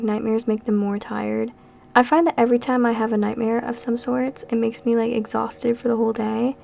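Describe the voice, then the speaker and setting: A nineteen-year-old Canadian woman with a fairly high, slightly mellow voice and some vocal fry rambles through a casual chat while speed-building in a Sims game at home. She's a Sims builder and YouTuber, tired and a little out of breath, filling her talk with lots of fillers as a storm goes on outside and background music plays.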